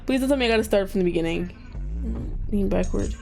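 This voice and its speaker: A woman's voice: medium pitch, quick pace, gravelly, dark tone, faint music behind. A woman streaming a game, chatting to her viewers and reacting with frustration as she plays. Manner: frustrated, talks to chat, self-deprecating. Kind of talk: gameplay commentary.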